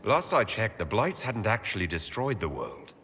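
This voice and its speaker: A steady, earnest game leader. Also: male voice, on the low side, normal speed, big-room sound, a little hiss or hum. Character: steady, loyal male leader of an order. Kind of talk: video game voice acting.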